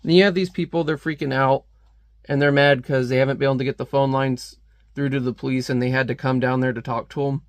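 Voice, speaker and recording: A man's voice: medium pitch, fairly even intonation, quick pace, dry recording. A man giving a chatty, amused, casual comic book review.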